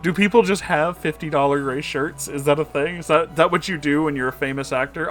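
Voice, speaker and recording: A man's voice: fairly high pitch, brisk, hardly any pauses, faint music behind. A young man reading fan fiction aloud with sarcastic, mumbled asides and casual swearing. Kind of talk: comedic dramatic reading with commentary.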